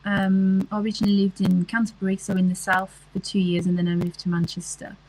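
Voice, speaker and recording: A woman's voice: mid-range voice, level tone, a little fast, a little mellow, rough recording. A woman, chatting casually on a livestream and answering comments, with lots of ums and restarts. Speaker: livestream host.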